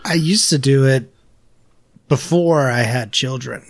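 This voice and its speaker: A man's voice: mid-range voice, a little slow, a little hiss or hum. A man co-hosting a podcast, telling rambling, joking anecdotes. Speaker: podcast co-host. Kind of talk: casual chat.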